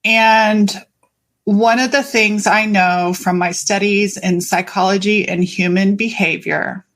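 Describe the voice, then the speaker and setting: A woman's voice: mid-range voice, slow. Chatty woman podcast host. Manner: energetic, chatty, swears freely. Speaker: podcast host and life coach. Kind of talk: casual podcast monologue.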